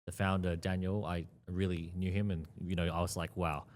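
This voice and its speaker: Man speaking deep-voiced investor, lots of "yeah, yeah". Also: little pitch movement, normal speed, darkish tone, a little hiss or hum. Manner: frequent "yeah, yeah" and "you know", laughs often. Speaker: investor guest. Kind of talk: casual interview talk.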